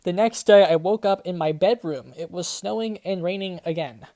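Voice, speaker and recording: A woman's voice: lowish voice, moderate pace, warm tone. A young woman, a graduate student, reads a story aloud and breaks off into exasperated, swearing commentary full of "like" and laughter. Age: young adult. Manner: exasperated, swearing, filler-heavy, frequent laughter. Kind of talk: comedic dramatic reading with commentary.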